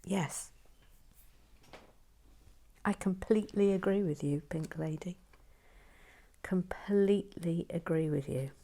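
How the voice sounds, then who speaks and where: A woman chatting to viewers as she builds, her voice sitting a little low. She is self-mocking and chatty, and drifts now and then into soft whispers. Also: takes it slowly, long pauses. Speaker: Lego building vlogger. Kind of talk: casual chat while building, reading viewer comments.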